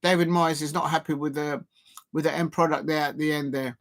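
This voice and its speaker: A man hosting a live football watch-along, commentating in a rambling way with many fillers and restarts, excitable at key moments. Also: a little high, a little fast.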